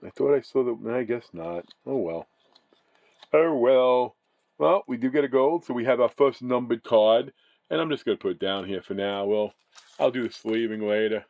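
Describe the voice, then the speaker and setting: A man's voice: medium pitch, moderate pace, darkish tone, no room sound, poor audio. A man casually chatting as he opens trading card packs, rambling and often correcting himself. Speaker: card-breaking channel host. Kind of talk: casual chat while opening card packs.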